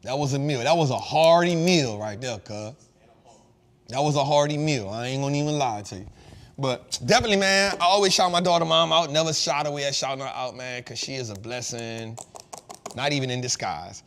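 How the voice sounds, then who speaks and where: Animated man telling a story. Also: mid-range voice, fairly quick, gravelly. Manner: animated, slangy, shifts from loud to hushed. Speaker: host. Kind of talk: casual storytelling.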